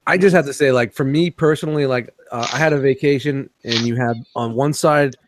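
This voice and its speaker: A man co-hosting a collectors' podcast in casual chat, rambling and animated, swearing freely. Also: mid-range voice, a little fast, noisy background. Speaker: podcast co-host.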